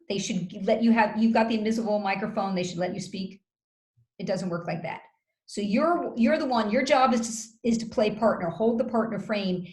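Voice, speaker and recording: A woman giving communication advice as an interview guest, explaining step by step in a measured way with deliberate pauses, over a video call. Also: mid-range voice, a little mellow. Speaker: communication skills guest expert. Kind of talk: coaching advice in conversation. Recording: roomy echo.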